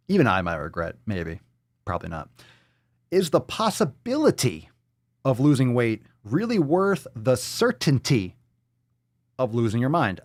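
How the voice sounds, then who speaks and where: A man hosting a fitness podcast, ranting with plenty of swearing and sarcasm. His pitch jumps around a lot as he gets exasperated. The sound is dry and close. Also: no room sound. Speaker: podcast host.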